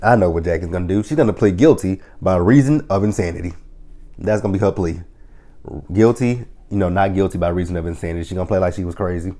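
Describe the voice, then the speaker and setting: A man recapping a TV episode in a casual, goofy and profane way, retelling the scenes with lively reactions. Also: sits low, quick pace. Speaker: TV episode reviewer.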